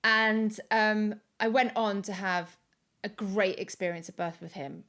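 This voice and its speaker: Recorded remotely from home, this thirtysomething woman is a podcast guest sharing a casual story. She's chatty and animated, restarting often and acting out quotes, in a mid-range voice at an unhurried pace.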